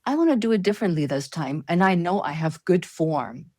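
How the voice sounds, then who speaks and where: A woman's voice: on the low side, animated, fairly quick, darkish tone, no echo. A woman fitness expert as an interview guest, speaking in an earnest, encouraging, coach-like way. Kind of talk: conversational interview.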